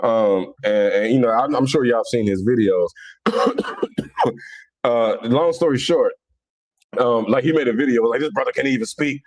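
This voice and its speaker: A man from Cincinnati with a Southern-leaning accent, talking in a casual, animated monologue full of stammered restarts. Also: medium pitch, measured pace, pauses often. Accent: Cincinnati, Southern-leaning American. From Cincinnati, Ohio, USA. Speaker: Islamic commentator.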